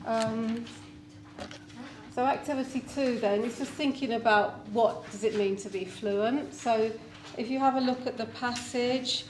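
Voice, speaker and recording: A woman's voice: a little high, steady tone, measured pace, a little mellow. Woman lecturing in a roomy hall. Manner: practical, gives step-by-step tasks to the audience. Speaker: teacher-education lecturer leading a workshop. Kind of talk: conference workshop talk. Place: large conference room. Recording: roomy distant recording with background noise.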